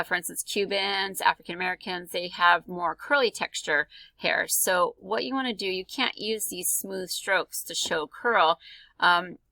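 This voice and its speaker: A woman's voice: lowish voice, vocal fry, sharp tone, dry recording, low-quality recording. A woman art teacher talking through a drawing tutorial in a casual, chatty way, with many ums and likes. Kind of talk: screen-recorded drawing tutorial.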